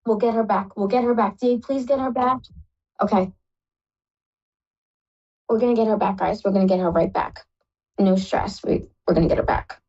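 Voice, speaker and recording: A woman's voice: medium pitch, fairly even intonation, moderate pace, pauses often, a little mellow, highs cut off. A woman hosting a live call-in psychic reading show, effusive and tearful, calling callers "love".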